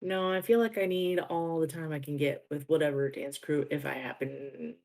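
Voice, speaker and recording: A woman's voice: sits low, fairly even intonation, normal speed, gravelly, a little mellow. A woman playing a tabletop game in a playful way. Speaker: player. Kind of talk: tabletop role-play.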